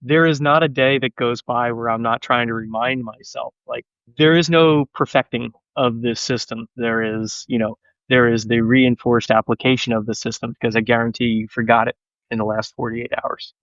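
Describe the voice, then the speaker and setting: Male sales exec guest, easygoing and animated, self-deprecating humor, dull lo-fi audio. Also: mid-range voice, normal speed, dry recording. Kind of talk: casual podcast conversation.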